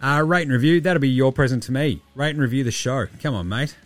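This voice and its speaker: A man's voice: medium pitch, fast talker, no room sound. A man in his thirties with an Australian accent, hosting a basketball podcast in loose, rambling, heavily sweary chat, a little tipsy. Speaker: podcast host.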